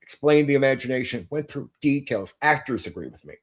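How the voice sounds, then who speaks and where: Middle-aged man, channel host, blunt emphatic monologue, mid-pitched voice. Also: expressive, a little fast. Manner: emphatic, blunt, with some swearing. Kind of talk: opinionated monologue.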